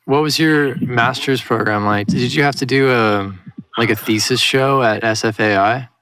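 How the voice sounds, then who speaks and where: A man's voice: mid-range voice, moderate pace, fairly bright tone, smooth. A man hosting a casual interview, asking questions and giving short, agreeable replies. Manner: brief, agreeable.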